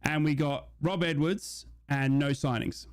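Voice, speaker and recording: A young man hosting a live football watch-along, chatting casually and reading out viewer shout-outs. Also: fairly high pitch, fairly even intonation, a little slow, smooth. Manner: chatty, reads out chat messages and shout-outs. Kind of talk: casual live-stream chat and mock commentary.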